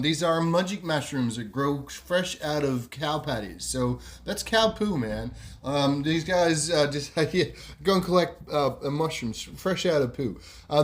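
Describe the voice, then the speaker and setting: A man hosting a podcast, telling a story casually and rambling with lots of fillers. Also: mid-range voice. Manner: rambling, many fillers and "you know". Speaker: podcast host.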